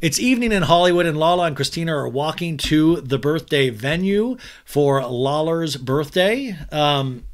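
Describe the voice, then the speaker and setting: A man's voice: a little high, expressive, moderate pace, few pauses. A man hosting a podcast, giving a chatty, crude comedic recap of a reality show. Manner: chatty and crude, acting out the cast's lines in mock voices.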